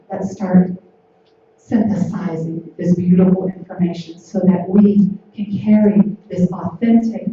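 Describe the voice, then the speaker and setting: A woman giving a gentle, repetitive spiritual talk from a conference stage. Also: on the low side, slight background noise. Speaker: conference speaker. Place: large hall on stage. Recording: echoey hall from far off, dull lo-fi.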